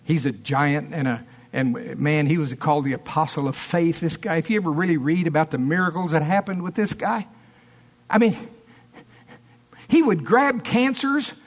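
A man's voice: fairly high pitch, unhurried, pauses often, fairly bright tone. A man preaching a sermon, telling stories with animation and acting out the people he quotes.

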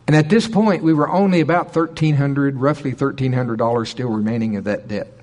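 Middle-aged male pastor, lively storyteller who acts out the people he quotes. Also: fairly quick. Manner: animated storyteller, voices quoted people in a higher pitch. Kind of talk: sermon storytelling.

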